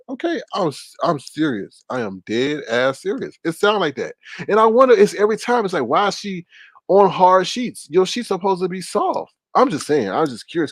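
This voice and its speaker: A man running a casual live-stream commentary, talking over his own laughter. His voice swings widely, jumping into squealing high exclamations before dropping back to a murmur, and the sound is dry and close to the mic. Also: dry recording. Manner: animated, laughing, squealing high exaggerated repeats. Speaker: commentary channel host.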